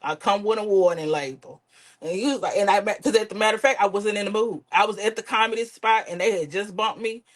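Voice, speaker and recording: Lively woman comic telling stories. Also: mid-range voice, fast talker, few pauses. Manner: lively, swears, acts out relatives' voices. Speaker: comedian guest. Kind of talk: candid storytelling in casual interview.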